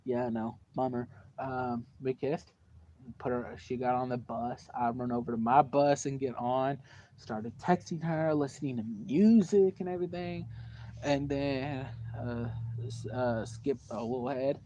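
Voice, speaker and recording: A teenage boy telling a long, animated story to the camera at home, full of fillers and cursing. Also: medium pitch, a little slow. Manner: animated, profane, rambling with fillers. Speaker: vlogger. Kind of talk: casual storytelling. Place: at home, indoors. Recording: dull lo-fi home recording, faint background noise.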